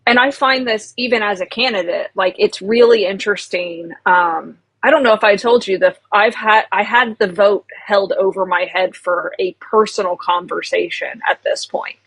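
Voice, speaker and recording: A woman's voice: medium pitch, moderate pace, few pauses, a bit bright, no echo, low-quality recording. A woman political candidate calling in to a livestream, chatting casually with lots of "like" and "you know.". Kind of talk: casual call-in chat.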